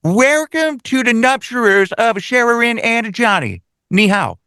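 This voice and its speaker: A man putting on an exaggerated broken-English voice, high and clipped, as a joke bit on a talk show. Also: very animated, a little slow, pushed and bright, smooth, no room sound, studio quality, heavily acted. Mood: mock-polite.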